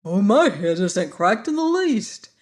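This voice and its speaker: A man reading an audiobook and voicing an anxious, polite pumpkin-headed man who talks slowly and sighs with worry. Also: high-pitched, mellow. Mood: earnest. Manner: slow, fretful, sighing delivery. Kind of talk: audiobook character voice.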